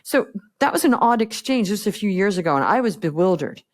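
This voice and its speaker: A woman's voice: mid-range voice, lively intonation, brisk. A woman business coach talks as a guest on a podcast. She is blunt and direct, with a mid-range voice, and she acts out the exchanges she retells. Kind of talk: podcast interview conversation.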